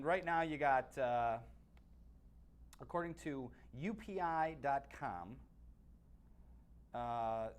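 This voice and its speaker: A man co-hosting a sports webcast, giving blunt opinions on football in casual talk that is full of restarts. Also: a little high. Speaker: sports analyst co-host.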